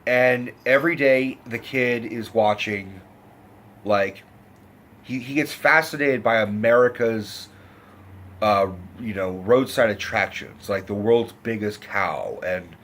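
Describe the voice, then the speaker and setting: A man giving a casual, rambling film review rant, loose and profane, jumping into pitched-up impressions of the characters. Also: slow, a little hiss or hum. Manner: profane, animated retelling with pitched-up acted quotes.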